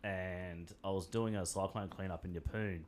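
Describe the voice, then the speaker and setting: A man's voice: low voice, fairly even intonation, normal speed, a little hiss or hum. A man with an Australian accent hosting a podcast, spinning laid-back yarns in casual chat and swearing freely. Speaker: podcast host.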